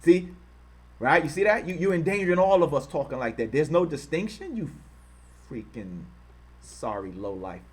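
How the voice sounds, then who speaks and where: High-pitched and animated, this channel host talks fairly quickly with a darkish, slightly rough tone. Reading out quotes in heated commentary, he angrily insults his target and repeats himself for emphasis. He says he's trying to control his harsh speech.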